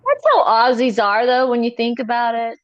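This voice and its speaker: Woman, higher pitched, animated, a bit dull lo-fi sound. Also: moderate pace, crowd noise. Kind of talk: casual commentary chat.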